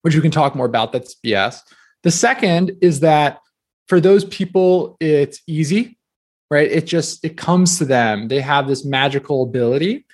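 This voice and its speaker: Chatty man from New Jersey, slightly high. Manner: fast, filler-heavy, self-deprecating storytelling. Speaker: guest author. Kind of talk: casual interview talk.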